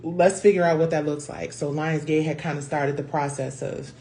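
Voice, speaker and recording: A woman's voice: low-pitched, fairly even intonation, moderate pace, mellow. A woman hosting her own livestream, talking candidly and emotionally, swearing casually and calling her viewers y'all. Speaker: host. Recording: faint background noise.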